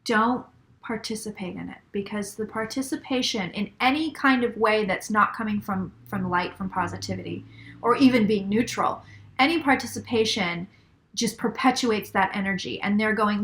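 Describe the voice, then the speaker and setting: A woman's voice: medium pitch, normal speed, fairly bright tone. A middle-aged woman giving a channeled psychic reading, relaying messages in repeated phrases and sometimes dropping to a whisper. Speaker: psychic reader.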